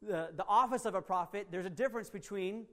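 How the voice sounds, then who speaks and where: A man with a notably high voice preaches a teaching sermon. He is earnest and emphatic, and he often restarts his sentences and adds fillers as he explains scripture. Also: fast talker, a bit bright. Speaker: pastor.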